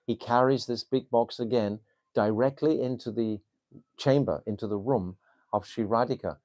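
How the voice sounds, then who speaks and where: A man tells a sacred tale in a spiritual talk, and his voice sits at an ordinary middle pitch. He moves quickly between narration and quoted lines and often stops on an um or a restart. The sound is dry and close, with no room around it. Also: dry recording. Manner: animated storyteller with frequent fillers and restarts. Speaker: spiritual teacher. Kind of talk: devotional storytelling talk.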